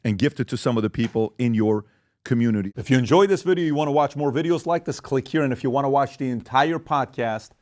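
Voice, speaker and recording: A man's voice: medium pitch, fast talker, darkish tone, no echo, studio quality. A man hosting a podcast, upbeat and enthusiastic as he promotes merchandise. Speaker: podcast host. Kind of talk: casual podcast talk and promo.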